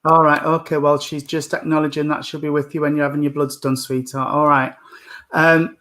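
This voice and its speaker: A man working as a medium, gently giving a live reading and calling the sitter sweetheart and darling. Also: a little high, little pitch movement, a little fast.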